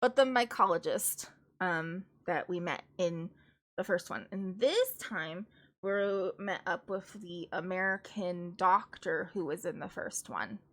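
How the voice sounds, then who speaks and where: A woman's voice: lowish voice, unhurried. Woman chatting about books on her stream, rambly, keeps laughing and restarting. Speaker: book streamer. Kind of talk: casual live-stream book review.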